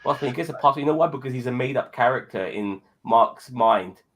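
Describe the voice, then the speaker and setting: A man's voice: mid-range voice, a bit bright. Emphatic British man, swearing casually. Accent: British English. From Britain. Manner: emphatic, swears freely, quick asides. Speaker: podcast co-host. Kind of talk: casual chat.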